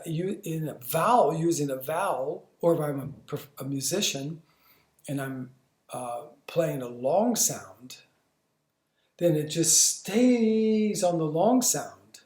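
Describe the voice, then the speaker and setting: A man teaching a lesson, explaining and acting out sounds and movements with frequent stammering restarts and animated emphasis. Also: a little high, echoey room. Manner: demonstrative, acts out sounds and movements. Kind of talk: instructional lesson.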